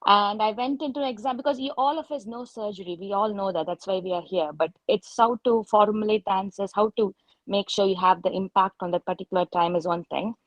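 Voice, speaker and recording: A woman's voice: medium pitch, fairly even intonation, fairly quick, no echo, rough recording. A woman surgeon candidly recounting her exam experiences at an informal online meet-up, often correcting herself mid-sentence. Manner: candid anecdotal storytelling, frequent self-corrections.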